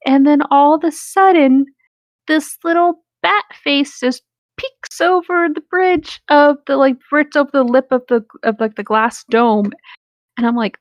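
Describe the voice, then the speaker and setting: A woman's voice: fairly high pitch, measured pace, no echo. A woman in her twenties, casually telling a rambling story with lots of fillers and swearing, as a podcast co-host.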